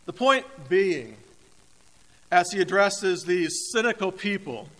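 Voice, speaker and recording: Emphatic, high-voiced preacher in an echoing hall. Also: male voice, big pitch swings, a bit bright. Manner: emphatic, deliberate preaching with dramatic pauses. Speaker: pastor. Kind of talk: sermon. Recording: reverberant hall.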